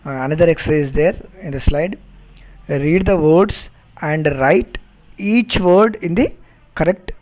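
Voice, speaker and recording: A male English teacher with an Indian English accent takes a phonetics lesson very slowly, saying words twice to model their pronunciation. His voice sits fairly high but sounds dark and mellow. The recording is dull and lo-fi. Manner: slow, deliberate, repeats words to model pronunciation.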